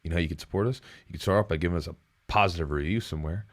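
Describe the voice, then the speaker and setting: A man hosting a podcast in casual chat, talking in an animated, rambling way with sudden jumps in pitch. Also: racing. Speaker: podcast host.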